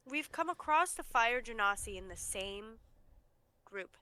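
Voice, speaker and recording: A woman's voice: fairly high pitch, animated, pushed and bright, smooth. A woman voicing a distrustful young woman reproaching her uncle in a tabletop game. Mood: reproachful. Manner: measured, reproachful. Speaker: player.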